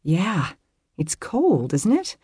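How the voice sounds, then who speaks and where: A narrator voicing a modern young woman who reacts with quick surprise and bemusement. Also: mid-range voice, wildly swooping pitch, darkish tone, slightly rough, no room sound, clean studio sound, pitched above the performer's own voice, full character voice. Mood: curious. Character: startled modern young woman in a strange place.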